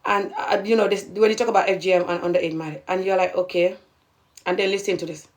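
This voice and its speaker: A woman's voice: fairly low pitch, fairly even intonation, fast. A young adult woman from Gambia giving heated, indignant social commentary to camera, pressing each point with a repeated "okay?". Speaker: video creator.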